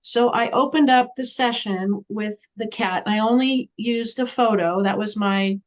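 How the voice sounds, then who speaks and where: Animated woman guest telling a story. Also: a little high, unhurried. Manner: animated, acts out quoted voices. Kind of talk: storytelling in an interview.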